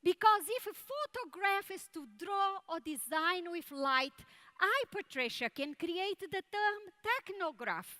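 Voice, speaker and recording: Slow, bright-voiced woman giving a keynote. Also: extremely high pitch, animated. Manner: measured, deliberate, repeats words for emphasis. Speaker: conference keynote speaker. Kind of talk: keynote speech with storytelling.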